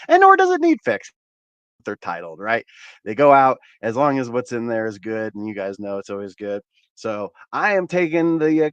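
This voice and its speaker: On his cannabis channel, a man hangs out with livestream viewers, chatting loosely, looping back over words, and swearing freely. His medium-pitched voice has a clear, resonant tone. No room sound comes through, and the high frequencies are cut off.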